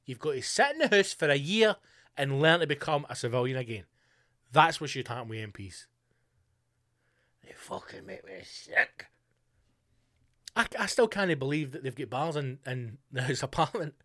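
Guy ranting on his podcast, sweary and sarcastic, fairly high voice. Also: lively intonation, brisk, a bit bright, no echo, studio quality. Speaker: podcast host.

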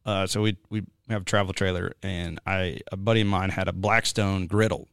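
A man's voice: deep voice, flat delivery, brisk, creaky, a bit bright, clean tone, no room sound, studio quality. A man hosting a podcast, chatting casually and rambling with lots of fillers and jokes. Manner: rambling, joking, many fillers. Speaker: podcast host. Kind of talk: casual chat.

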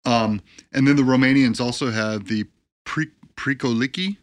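An American man rambles through his notes as a podcast co-host, pausing on ums and stumbling over hard words. His voice sits at a middling pitch and sounds dry and close to the mic, with no room around it. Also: steady tone, no room sound. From United States. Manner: rambling, hesitant, fills with ums. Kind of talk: casual podcast chat.

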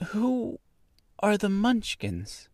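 Brief: man putting on a high, timid little farm girl for a storybook, slow and hesitant. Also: wildly swooping pitch, darkish tone, no echo, clean studio sound, full character voice. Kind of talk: storybook reading.

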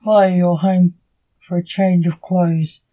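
A woman voicing a grim male necromancer, a stern and protective father, in a low, measured delivery. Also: flat delivery, mellow.

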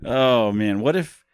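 A man's voice: medium pitch, dry recording, studio quality. A young man co-hosting a podcast in casual chat, rambling and laughing often. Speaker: podcast co-host.

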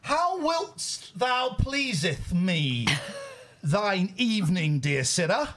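A man putting on the voice of a pompous, posh, old-fashioned gentleman who speaks in a mock-archaic, theatrical way. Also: sits high, very animated, extremely slow, heavily acted.

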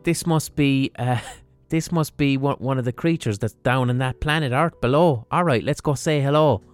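A man's voice: medium pitch, moderate pace, soft background music, natural voice. An Irish man voicing bemused, foul-mouthed alien visitors who talk in a casual, offhand way. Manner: swearing, chatty, offhand.

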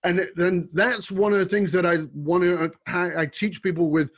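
A middle-aged man hosts an interview, spinning anecdotes in a relaxed, somewhat halting manner. His voice sits a little high for a man. The audio is dull and lo-fi. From Australia. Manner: relaxed, anecdotal, slightly hesitant with fillers. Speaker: host. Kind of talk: conversational interview, storytelling.

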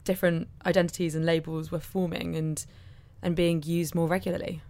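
A female podcast co-host narrating in a measured, explanatory way. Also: on the low side, level tone, darkish tone. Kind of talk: scripted narration.

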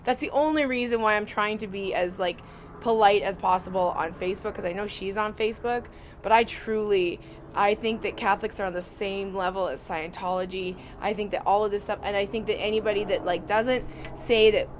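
A woman's voice: medium pitch, a little fast, slight background noise. A woman co-hosting a comedy podcast, talking frankly and chattily with lots of filler words. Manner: chatty, frank, laughs often. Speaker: podcast co-host. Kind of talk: casual comedic chat.

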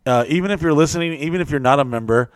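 Profane, animated man telling stories. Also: fairly high pitch, racing, clean tone, no room sound. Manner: profane, animated storytelling with mimicked voices. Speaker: podcast host. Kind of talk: casual chat.

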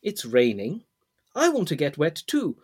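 A man's voice: wildly swooping pitch, unhurried, darkish tone, breathy edge, exaggerated voice. A man voicing a blunt, curious four-year-old boy as he reads a book aloud. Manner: high, childlike questions.

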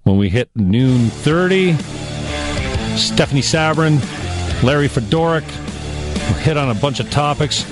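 A man's voice: fairly high pitch, animated, music in the background. A man hosting a call-in radio show, bantering and laughing easily with a caller. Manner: jokey, laughs often, quick banter. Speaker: radio talk show host. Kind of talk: casual call-in radio chat.

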